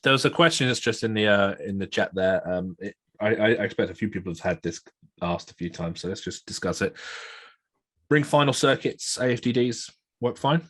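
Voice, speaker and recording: A man co-hosting a webinar in a relaxed, agreeable way, reading out questions from the chat. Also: fairly low pitch, fairly quick. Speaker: co-host.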